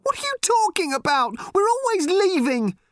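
A man voicing a furious, panicking teenage girl who screams high and shrill. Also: big pitch swings, normal speed, no echo, clean studio sound. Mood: screaming, desperate.

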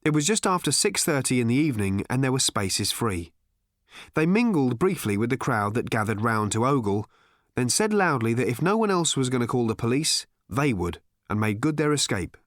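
Expressive male audiobook narrator. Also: mid-range voice, normal speed, no room sound, clean studio sound. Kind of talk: scripted narration.

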